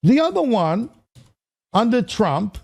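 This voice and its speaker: A man hosting an online commentary video, talking excitably to viewers, counting aloud and correcting himself as he goes. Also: high voice, slow, creaky, slightly rough. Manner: excitable, addresses viewers as ladies and gentlemen. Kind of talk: casual commentary to camera.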